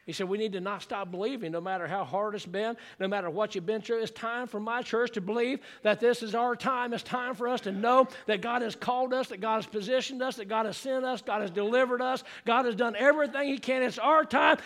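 A man delivers a fervent church sermon in a high-pitched voice. His tone is bright and ringing, and he keeps drawing responses from the congregation. He builds to shouted, rousing exclamations. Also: steady tone, brisk, hardly any pauses, some chatter behind. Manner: fervent preaching that swells into shouts. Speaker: pastor. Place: church sanctuary.

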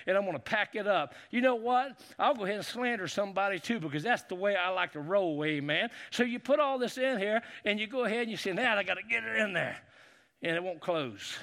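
An older man, a pastor, preaching a sermon in a folksy storytelling way that rises into excited preaching. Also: high voice.

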